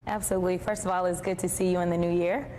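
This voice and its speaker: A woman politician answering an interview question in a measured, personal way. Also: lowish voice, little pitch movement, dark tone. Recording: noisy played clip.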